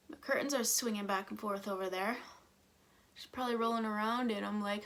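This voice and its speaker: A woman's voice: mid-range voice, steady tone, fast, a bit bright, a little hiss or hum. A woman in her thirties chatting casually through a get-ready-with-me vlog, rambling and sometimes dropping to a whisper, filmed close on a phone at home. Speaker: beauty vlogger. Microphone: phone camera close up.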